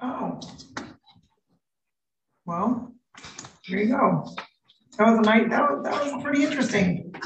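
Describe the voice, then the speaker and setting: A woman's voice: a little high, lively intonation, a little slow, gravelly, pauses often, dull audio. A woman presiding as a judge at a court hearing, asking patient questions. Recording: echoey room from far off, noisy.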